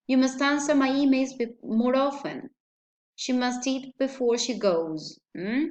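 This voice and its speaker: A woman gives a pronunciation lesson in an unhurried, careful way. Her voice sits a little on the high side, and she often stops to check in with a questioning "hmm?". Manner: slow, deliberate, with frequent "hmm?" checks. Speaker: teacher.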